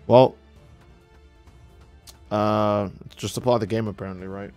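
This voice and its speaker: Unhurried and relaxed, a young man chats on his game live stream and reads donations aloud, swearing freely. Excitement sends his voice leaping up, and faint music plays in the background.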